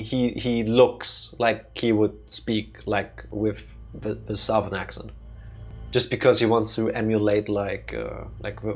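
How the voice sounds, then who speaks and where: A young man streaming a let's play, joking wryly and rambling with frequent restarts. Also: mid-range voice. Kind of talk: casual gameplay commentary.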